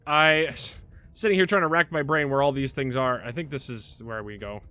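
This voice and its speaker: A man's voice: mid-range voice, moderate pace, sharp tone, clean tone, faint music behind. A man hosting a gaming video, thinking aloud in a hesitant way with frequent restarts. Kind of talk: gameplay commentary.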